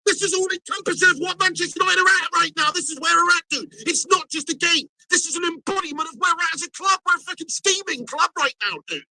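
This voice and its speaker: A man's voice: very high voice, fast, gravelly, hardly any pauses, sharp tone, no echo, rough recording. A man ranting and swearing as he streams a football match live. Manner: angry, swearing rant. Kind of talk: live watch-along rant.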